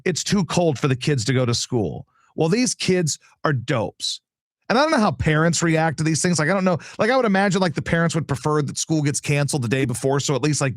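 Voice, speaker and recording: A man's voice: a little high, dry recording, studio quality. A male show host ranting casually, profane, exasperated and sarcastic. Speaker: radio and live-stream host.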